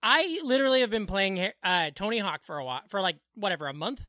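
A man's voice: sits high, expressive, quick pace, sharp tone, no room sound, studio quality. A man co-hosting a podcast from home, chatting casually with sarcastic, profane jokes. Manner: joking, profane, sarcastic asides. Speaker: podcast co-host. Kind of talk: casual comedic chat. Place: home living room.

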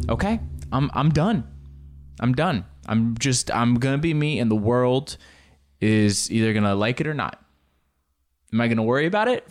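Casting: young male comic, solo podcast chat, rambling and self-deprecating, mid-pitched voice. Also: normal speed. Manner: rambling, self-mocking, animated. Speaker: comedian podcast host.

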